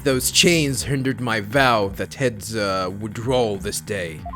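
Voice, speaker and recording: A man's voice: lowish voice, slow pace, fairly bright tone, faint music behind. A man voicing a grim, theatrical samurai prosecutor in a video game, speaking with solemn, archaic declamation.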